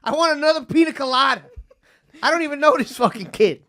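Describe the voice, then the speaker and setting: A woman's voice: sits high, animated, fast, fairly bright tone. A woman voicing a brash, confrontational middle-aged dad with a New Jersey accent, as a bit in podcast chat. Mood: belligerent.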